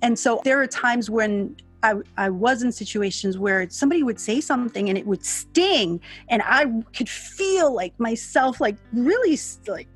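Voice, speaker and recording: A woman's voice: a little high, lively intonation, normal speed, few pauses, slightly rough, soft background music. Candid woman talking things through. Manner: candid and reflective, with frequent restarts. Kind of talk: reflective conversation.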